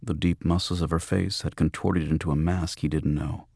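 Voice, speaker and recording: A man narrating an audiobook in a measured, even storytelling manner. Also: a bass voice, creaky, breathy edge, no room sound, clean studio sound. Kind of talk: scripted narration.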